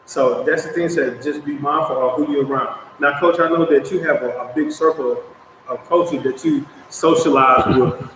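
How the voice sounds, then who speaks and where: A man's voice: fairly high pitch, fairly even intonation, a bit bright, slight background noise. Man hosting from far off, echoey. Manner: halting, restarts phrases. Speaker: show host. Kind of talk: casual interview. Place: outdoors at a stadium. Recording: echoey, distant outdoor mic with faint ambience.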